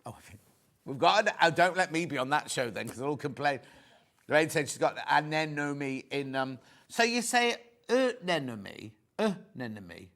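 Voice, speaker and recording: A man's voice: on the high side, a little fast, vocal fry, fairly bright tone. A British man presenting a live sewing shopping show, chatty and teasing as he reads out prices and viewer messages in a TV studio.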